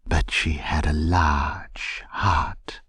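A man voicing a gentle ghostly spirit in a storybook reading, speaking in a soft, measured, half-whispered way. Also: extremely low pitch, flat delivery, husky, no echo, studio quality, exaggerated voice.

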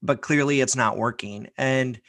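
A man's voice: mid-range voice, normal speed, fairly bright tone, no room sound. A man hosting a podcast, giving a heated, sarcastic opinion rant full of profanity. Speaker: podcast host.

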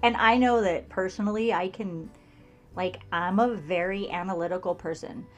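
A woman co-hosting a podcast in casual chat, candid and quick to laugh. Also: fairly low pitch, fairly even intonation, faint music behind. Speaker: podcast co-host, parent.

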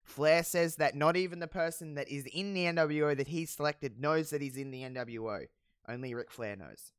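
A podcast host casually recapping a wrestling show, telling it with animated, profane storytelling and frequent laughs. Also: medium pitch, normal speed, clear, resonant tone, dry recording, studio quality. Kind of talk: casual chat.

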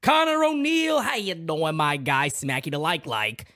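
A young man hosting a loud, excitable live reaction stream, shouting out names from the chat. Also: a little high, unhurried.

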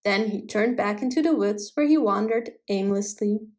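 A woman narrating a fairy tale in a steady, gentle storytelling manner. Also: medium pitch, normal speed. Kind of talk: storybook reading.

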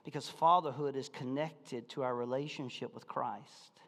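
A man preaching a sermon as pastor, telling a personal story, moving between hushed reflection and loud excitement. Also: medium pitch, moderate pace, big-room sound.

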